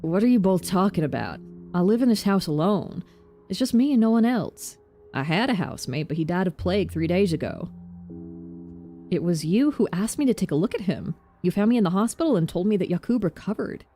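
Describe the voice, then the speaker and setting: A woman's voice: lowish voice, lively intonation, brisk, dark tone, faint music behind, natural voice. A woman voicing an exasperated male homeowner with a Southern American accent, reading game dialogue aloud. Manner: gruff and exasperated. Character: irritated male homeowner who lives alone.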